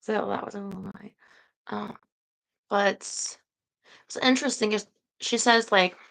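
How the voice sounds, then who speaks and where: A woman's voice: medium pitch, steady tone, slow, gravelly, fairly bright tone, poor audio. A woman hosting a book-reading livestream, chatting casually to viewers in a rambling, hesitant way with many fillers.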